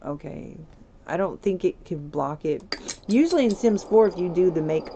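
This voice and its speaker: A woman streaming a life-sim game, chatty and giggly, talking straight to her viewers, over steady background noise. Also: fairly low pitch, normal speed, highs cut off. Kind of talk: casual gameplay commentary.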